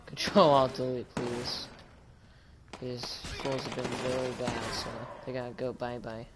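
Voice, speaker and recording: A man's voice: medium pitch, level tone, a little slow. A man giving joking, casual commentary while playing a video game, talking back to the characters on screen. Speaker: gamer. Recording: loud gunfire and game noise behind.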